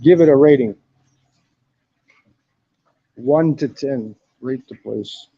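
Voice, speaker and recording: Speaking slowly in a mid-range, slightly rough voice, a man gives a casual live-stream walkaround of a hostel in Thailand. He talks into his phone camera, and the highs are cut off. He stays relaxed, swears often, and keeps using the word "man."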